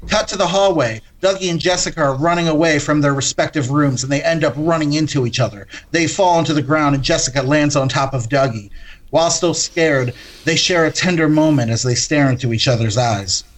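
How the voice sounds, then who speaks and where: A man hosting, narrating a comedic retelling of a horror film in deadpan style, correcting himself as he goes. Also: fairly high pitch, brisk.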